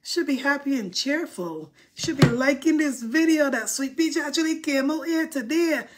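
A woman's voice: high voice, moderate pace, noisy background. A woman hosting a casual livestream, chatting and reading viewer comments in a dramatic way, with informal dialect grammar. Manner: chatty, dramatic mock-crying over likes. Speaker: livestream host.

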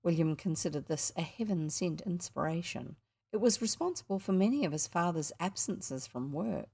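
A woman with a New Zealand accent narrating a children's book in a measured, expressive way. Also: lowish voice, creaky, slightly rough. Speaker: audiobook narrator. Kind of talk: storybook narration.

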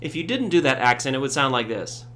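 A man giving a casual ukulele tutorial, relaxed, with frequent fillers, counting beats aloud. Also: medium pitch, quick pace, over loud music. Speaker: ukulele teacher. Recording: loud ukulele under voice. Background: ukulele strumming.

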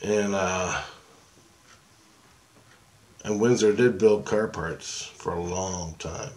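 A man's voice: low-pitched, takes it slowly, a little mellow. A man casually telling about a dream in a rambling way, swearing and restarting his sentences often. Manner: rambling, profane, with many restarts.

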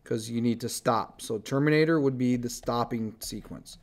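A man's voice: medium pitch, moderate pace. A man teaching biology in a recorded screencast lecture, talking casually as he draws on slides and corrects his own slips.

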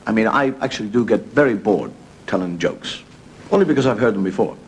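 A man's voice: on the low side, lively intonation, quick pace. A middle-aged Irish comedian telling stories in a droll way, acting out the characters in his jokes. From Ireland. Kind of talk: stand-up storytelling. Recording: noisy broadcast recording.

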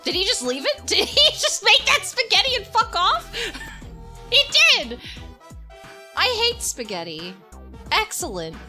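A woman streamer giving live gameplay commentary, giggling often, swearing and reacting loudly to the game. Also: very high-pitched, wildly swooping pitch, a little slow, pauses often, over music.

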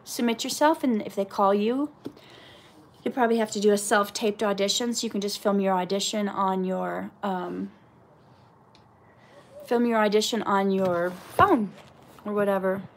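A woman's voice: medium pitch, fairly even intonation, moderate pace, long pauses. A middle-aged woman hosting a live stream, reading viewer comments aloud and answering them in casual chat. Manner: reads out viewer comments and answers warmly, with prayerful advice.

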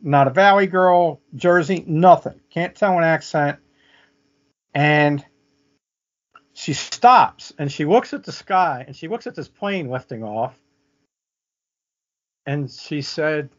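In muffled, lo-fi audio, a man with a slightly high voice and lively intonation tells a vivid story at an unhurried pace. He's an interview guest speaking casually, and he often checks in with "okay?".

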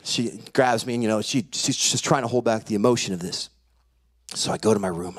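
A man's voice: lowish voice, fairly even intonation, brisk. A man, a pastor, preaching a sermon by telling a personal story and acting out the voices in it. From California. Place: church sanctuary.

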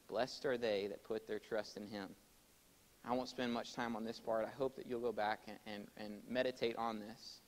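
A man preaching a sermon to his congregation in a church, swinging between loud, emphatic exhortation and quiet explanation, and calling for amens. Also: lowish voice, fairly even intonation, normal speed, poor audio. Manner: addresses congregation directly, calls for amens. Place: church sanctuary.

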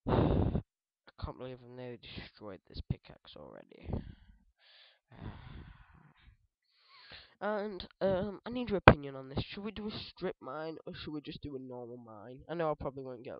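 A man's voice: mid-range voice, big pitch swings, unhurried, long pauses, dry recording. A British teenage boy rambling through casual, jokey let's-play commentary, often correcting himself mid-sentence. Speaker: gaming video host. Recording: dull dry lo-fi mic.

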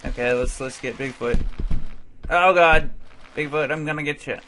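This let's play gamer is a young man whose voice sits on the high side, speaking at normal speed with a little hiss or hum in the recording. Excitably narrating his play, he yelps and curses at the game and talks to his cat between runs.

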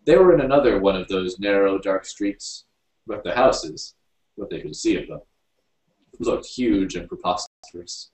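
A man reading a story aloud, narrating in an unhurried storybook manner. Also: low-pitched, animated, darkish tone. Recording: roomy, distant mic.

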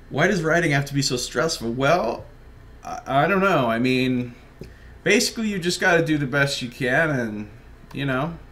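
A man's voice: a little high, fairly bright tone, slight background noise. A man giving casual, joking let's play commentary while chatting with his viewers. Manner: chatty, joking, talks to chat. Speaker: gaming livestreamer.

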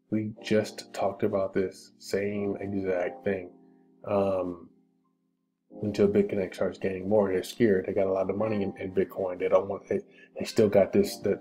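A man's voice: fairly low pitch, warm tone. A man hosting a casual question-and-answer stream, talking bluntly with profanity and pep-talk encouragement. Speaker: crypto channel host. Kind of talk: casual Q&A livestream.

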